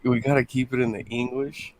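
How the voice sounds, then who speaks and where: A man co-hosting a casual live-streamed chat, joking and animated. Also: mid-range voice, a little fast, crowd noise, rough recording. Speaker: podcast co-host.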